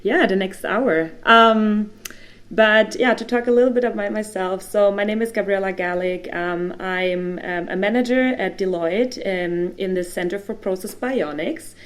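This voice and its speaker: A woman's voice: medium pitch, steady tone, moderate pace. A woman with a German accent, who grew up in Germany, a podcast guest who talks in a friendly, upbeat way over a video call. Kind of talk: casual chat.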